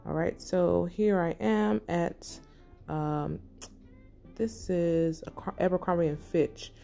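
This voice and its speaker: A middle-aged woman narrating her fashion haul in a quiet, breathy, relaxed ASMR-style voice-over. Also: on the low side, slow pace, faint music behind. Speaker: fashion vlogger.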